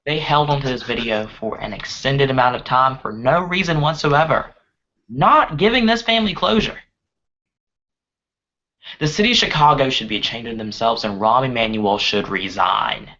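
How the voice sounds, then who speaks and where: A man giving an earnest, deliberate statement in a formal, scolding tone, played from a clip. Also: mid-range voice, pushed and bright, highs cut off. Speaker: young political commentator in a played clip.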